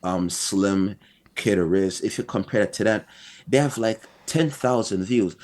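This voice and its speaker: A man's voice: lowish voice, darkish tone. A young man, talking casually as a guest in an interview, rambling and building his points one by one. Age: young adult. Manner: rambling, repeats phrases, builds points by number.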